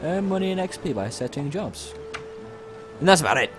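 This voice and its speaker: Over background music, a young let's play host talks fairly quickly in a slightly high voice full of big pitch swings. His commentary is chatty, and he voices the game's dialogue with playful outbursts.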